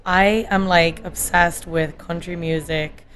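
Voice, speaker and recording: Chatty Dublin woman, lowish voice. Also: fairly even intonation, takes it slowly, fairly bright tone. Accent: Dublin Irish. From Ireland. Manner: chatty, full of "like" fillers. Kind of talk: casual chat. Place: bar by a window.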